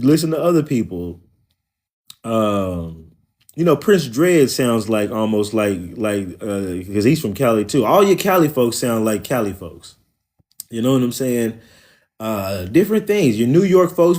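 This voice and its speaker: A man's voice: mid-range voice, darkish tone. A man with an Oklahoma country accent, hosting a livestream in casual, rambling, profane talk. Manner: rambling, profane, loose and conversational. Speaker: livestream host.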